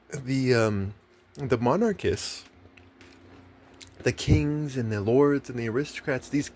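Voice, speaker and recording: An American man ranting casually and rambling, swearing a lot and restarting his sentences, with faint background noise. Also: mid-range voice. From United States. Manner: profane, rambling, many restarts and fillers.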